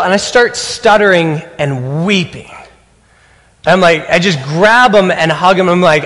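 A man preaching a sermon as a pastor, telling a personal story earnestly with halting restarts. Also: fairly high pitch, fairly bright tone, in a large hall.

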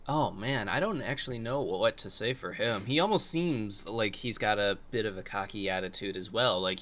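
A man's voice: mid-range voice, a bit bright. A man co-hosting a casual podcast, talking hesitantly with many fillers. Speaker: podcast co-host. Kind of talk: casual chat.

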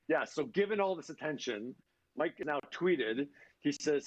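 A man's voice: medium pitch, expressive, moderate pace, dry recording, highs cut off. A man hosting a casual chat, reading viewer comments and a tweet aloud in a conversational way. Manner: conversational, reads quotes aloud. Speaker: podcast host.

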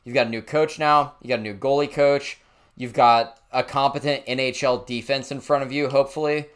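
A man's voice: mid-range voice, fairly even intonation, a little fast, fairly bright tone, clean tone. A man co-hosting a casual sports podcast, joking bluntly and swearing freely. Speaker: podcast co-host.

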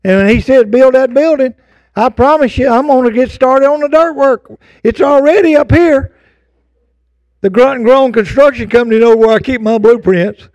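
Older preacher guy, real high voice, dry close sound, folksy and fired up. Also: normal speed, a little mellow, dry recording, dull audio. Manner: fervent preaching, folksy asides to the congregation. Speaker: pastor. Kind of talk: sermon. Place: church sanctuary.

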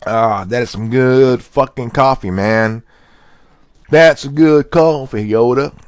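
A man's voice: medium pitch, takes it slowly, clear, resonant tone, dry recording. A man rambling through a casual monologue, laid-back and profane, full of slang and fillers. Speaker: podcast host.

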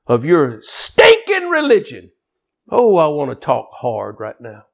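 A man preaching a sermon in a folksy, joking way, swinging from quiet low asides to loud shouting. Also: huge pitch swings, measured pace, creaky. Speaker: pastor.

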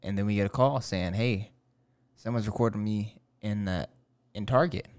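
A man's voice: lowish voice, moderate pace, darkish tone, smooth. A man in casual chat with friends, telling a long story loosely with lots of fillers and swearing. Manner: rambling, loose, profane storyteller with many fillers.

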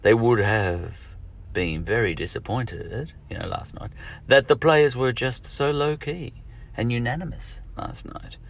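Rambling Australian man, gravelly and husky. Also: mid-range voice, measured pace. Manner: chatty, digressive, self-correcting with frequent "you know" and chuckles. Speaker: podcast host. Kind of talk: rambling solo monologue.

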